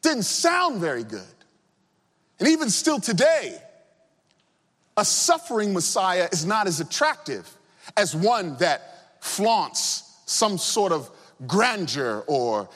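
A male pastor delivers an impassioned sermon, his fairly high voice swooping up and down with lively range. He sinks low for weight, then lifts again. The sound carries the long reverb of a church hall. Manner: impassioned preaching with swooping pitch, drops low for emphasis.

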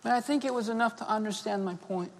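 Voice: mid-range voice, fast. Fervent preacher in a reverberant hall. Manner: fervent, repeats phrases and punctuates with "amen" and "beloved". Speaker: pastor. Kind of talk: sermon with altar call. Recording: long reverb of a large hall.

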